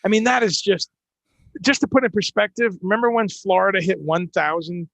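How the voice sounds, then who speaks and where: A male host chatting casually on a live stream, animated and full of restarts. His voice is a little higher than most men's, with a gravelly fry, and the sound is close and dry. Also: brisk, no room sound. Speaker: podcast host. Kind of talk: casual interview chat.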